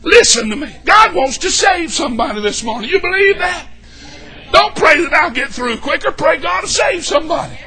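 Man, fervent sermon, sharp bright voice, loud shouting, folksy. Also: very high voice, lively intonation, normal speed. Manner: folksy, joking with the congregation. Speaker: pastor. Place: church.

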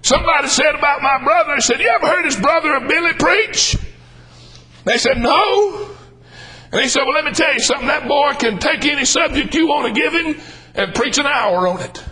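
A man's voice: very high-pitched, fairly quick, bright, forceful tone, rough recording. An older man preaching a humorous sermon, folksy and drawling, calling out lines for emphasis.

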